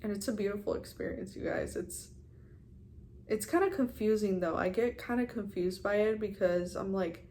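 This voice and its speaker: A woman's voice: mid-range voice, normal speed, darkish tone, slight background noise. A young woman in her twenties talking frankly and casually to her viewers, swearing now and then and calling them you guys. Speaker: vlogger. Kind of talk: candid personal vlog talk.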